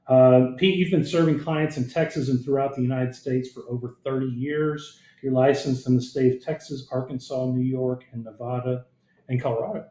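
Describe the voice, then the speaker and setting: Podcast host in an echoey room. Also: male voice, mid-range voice, fairly even intonation, moderate pace, mellow. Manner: friendly, conversational with fillers. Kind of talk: casual podcast interview. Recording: roomy echo.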